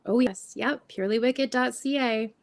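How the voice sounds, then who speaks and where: A woman's voice: on the high side, moderate pace, gravelly, a crowd in the background. A woman guest who owns a shop, talking in an earnest, encouraging, chatty way during an interview. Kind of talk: casual interview chat.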